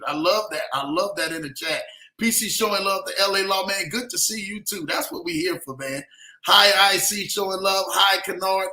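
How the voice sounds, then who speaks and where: Young male livestream host, fervent motivational delivery, bright forceful tone, echoey room. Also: high voice. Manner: preachy, repeats "man" and "y'all", reads out chat shout-outs. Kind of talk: emotional motivational livestream talk.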